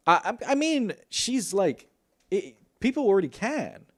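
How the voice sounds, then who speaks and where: A young man hosting a gaming news livestream, talking quickly and casually, swearing and laughing often. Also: high-pitched, big pitch swings. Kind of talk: casual live-stream chat.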